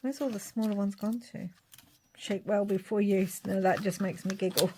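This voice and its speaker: A woman's voice: medium pitch, steady tone, moderate pace, dark tone, a little hiss or hum. A middle-aged woman chatting and thinking aloud as she works on a craft project. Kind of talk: crafting vlog commentary.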